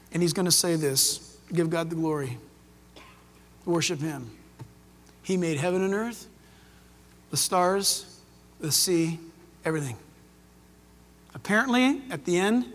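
High-pitched guy preaching, gets loud then drops quiet, long church reverb. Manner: emphatic, rising to loud declarations then dropping to quiet asides. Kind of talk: sermon.

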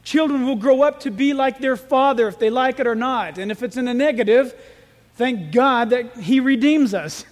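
A man preaching a sermon as pastor, telling stories in an animated way. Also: very high-pitched, normal speed. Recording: echoey hall with long reverb.

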